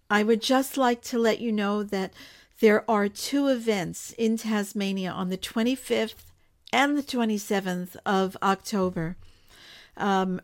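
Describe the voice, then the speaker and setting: A woman speaking live to her viewers, giving an earnest, pleading appeal and repeating phrases for emphasis. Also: fairly high pitch. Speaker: organization spokesperson hosting a live broadcast. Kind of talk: impassioned direct-to-camera appeal.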